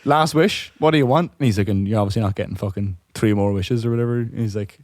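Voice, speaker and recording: A man's voice: lowish voice, fast talker, darkish tone, no echo, clean studio sound. A hungover man casually telling a long joke with lots of swearing, laughing at his own punchlines. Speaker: podcast co-host.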